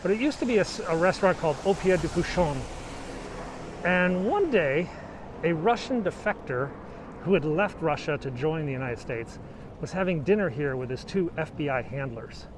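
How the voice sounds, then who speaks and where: A man's voice: fairly high pitch, animated, moderate pace, noisy background. A middle-aged man vlogging on a snowy walk outdoors, chatting in a rambling, anecdotal way as he films on a handheld camera. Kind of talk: casual walking tour commentary. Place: snowy city street outdoors.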